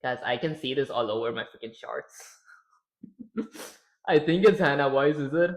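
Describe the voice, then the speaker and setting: A man streams while coding, speaking at normal speed in a medium-pitched voice. A streamer and game developer, he rambles casually on the livestream, talking to himself as he works.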